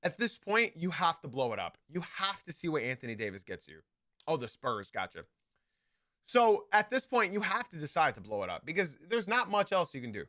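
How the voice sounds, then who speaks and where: An animated man hosting a live basketball podcast, his pitch swinging widely as he drives his points home. He repeats key lines for emphasis, and his bright, forceful voice sits close in a dry room with no echo. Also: a little fast. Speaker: podcast host.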